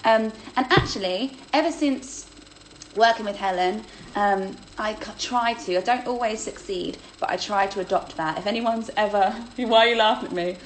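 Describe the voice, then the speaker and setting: A woman talks through a phone, chatty and self-deprecating as she reads out viewer questions. Her voice sits at an ordinary middle pitch, with a faint hiss of noise behind it. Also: normal speed, poor audio. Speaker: host of a livestream Q&A. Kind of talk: casual chat, reading out viewer questions.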